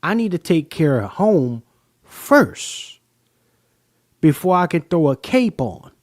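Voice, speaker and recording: A man hosting a live-stream talk show, talking straight to his viewers in an animated, profane, casual way. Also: fairly high pitch, takes it slowly, long pauses, no room sound, clean studio sound.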